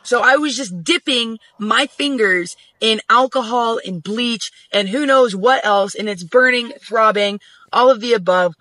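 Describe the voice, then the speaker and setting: A man's voice: extremely high pitch, a little slow, sharp tone, no room sound. A man telling a storytime monologue to camera, venting emphatically and swearing freely. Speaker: social media storyteller.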